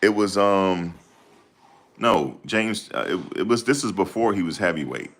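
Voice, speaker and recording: A man's voice: sits low, animated, unhurried, fairly bright tone. A man in casual chat, talking in a slangy, rambling way and often searching for names. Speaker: host.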